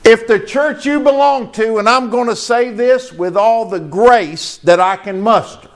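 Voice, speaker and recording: A man preaching a sermon as pastor, slow and emphatic, asking the congregation questions. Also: very high-pitched.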